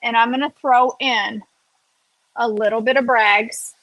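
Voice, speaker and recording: A woman's voice: on the high side, fairly even intonation, unhurried, a bit bright, slight background noise. A woman, chatting casually through a cooking vlog and often checking in with "okay?". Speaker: cooking vlogger.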